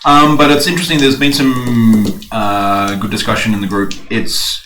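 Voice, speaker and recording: A man, a player at a tabletop game podcast, talking in a relaxed, slightly hesitant, informative way. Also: fairly low pitch, moderate pace, soft background music. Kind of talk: casual podcast chat. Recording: echoey room, clear noise.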